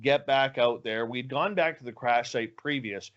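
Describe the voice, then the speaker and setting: A man's voice: mid-range voice, moderate pace, a bit bright, muffled recording. A man telling a story as a guest in an interview, acting out the dialogue with animation. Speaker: guest, radio show host.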